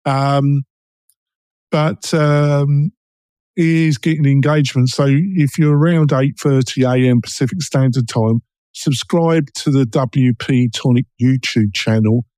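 A podcast host with an East London and Essex accent talks in a casual, rambling way, peppering his speech with ums and restarts. His voice is mellow and warm, and the recording sounds close and dry. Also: medium pitch, fairly even intonation, measured pace, dry recording. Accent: East London and Essex English. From England. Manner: chatty, many ums and self-interruptions.

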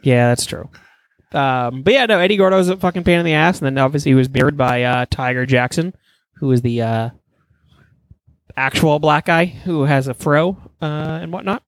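A man in casual podcast chat, enthusiastic and rambling, peppering his talk with swears. His voice sits slightly high for a man. The recording is dry and close, with no room sound. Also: moderate pace, dry recording. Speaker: podcast co-host.

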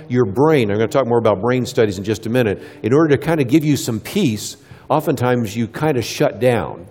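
A middle-aged man speaks at church to a live audience as a Christian speaker, posing questions he answers himself and playing out little exchanges with kids. His voice is mid-range and mellow. The setting sounds like a large hall.

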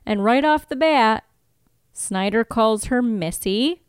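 A woman co-hosting a casual podcast, reading out TV scene recaps and breaking off into lively asides. Her voice is smooth and resonant, recorded close and dry with no room sound. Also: fairly high pitch, takes it slowly, dry recording. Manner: reads scene summaries aloud, animated asides. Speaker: podcast co-host. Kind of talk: casual chat recapping TV episodes.

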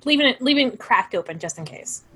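A woman playing a tabletop game, gently and hesitantly describing her character's actions, with frequent restarts. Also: on the high side, animated, fast talker, slightly rough, soft background music. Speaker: player.

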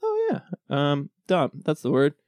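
A man's voice: a little high, huge pitch swings, unhurried, a little mellow, no room sound, clean studio sound. A man co-hosting a podcast, rambling and joking in casual banter, full of restarts. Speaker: podcast co-host.

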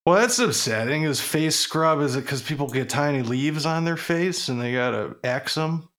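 Goofy man riffing, lively pitch. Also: normal speed. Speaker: podcast co-host. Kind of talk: casual chat.

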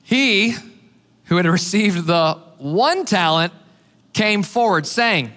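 A man preaching a sermon as pastor, animated and acting out the voices he quotes. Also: sits high, slow pace, long reverb tail.

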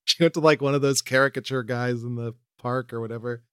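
A man's voice: mid-range voice, fairly even intonation, fast, bright, forceful tone, smooth, no echo. A man with an everyday mid-range voice chats loosely about a TV show, laughing a lot and swearing often. His voice sounds dry and close to the mic. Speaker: podcast co-host. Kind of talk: casual chat recapping a TV episode.

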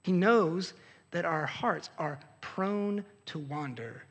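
A young adult man preaching a sermon as pastor, earnest, swinging from loud outbursts to hushed lows. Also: slow pace, husky. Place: church sanctuary. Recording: hall reverb.

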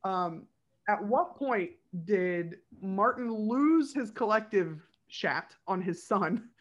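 Expressive woman podcast host, lilt. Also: medium pitch, takes it slowly, muffled recording. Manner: expressive, slips into mock voices, laughs often. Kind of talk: casual chat.

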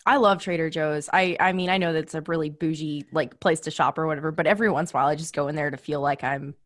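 A woman's voice: low-pitched, fairly even intonation, fast talker. A young woman co-hosting a podcast, playful and sassy, laughing often. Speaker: podcast co-host. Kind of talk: casual chat.

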